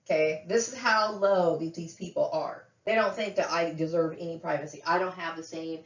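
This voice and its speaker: Woman vlogger, low-set voice, venting and agitated; dull, lo-fi sound, echoey room. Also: fairly even intonation, moderate pace, far from the mic. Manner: agitated, repetitive, keeps asking "okay?". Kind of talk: emotional monologue rant.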